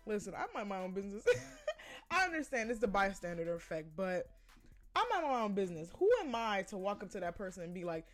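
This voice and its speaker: A woman's voice: medium pitch, big pitch swings, brisk, faint music behind. A woman hosting a podcast, giving her opinions in a blunt, profane, casual monologue and laughing often. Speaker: podcast host.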